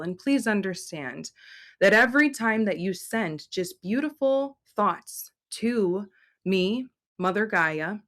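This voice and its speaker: A woman channeling a serene ancient Earth mother spirit, speaking in slow, measured, solemn pronouncements. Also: on the low side. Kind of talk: spoken channeling.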